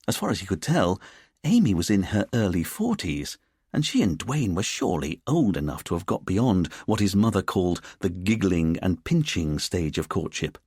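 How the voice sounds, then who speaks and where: A male audiobook narrator with a deep, husky voice and a lively, expressive pitch. He tells the story in a measured way. The recording is dry and close. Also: no echo. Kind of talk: scripted narration.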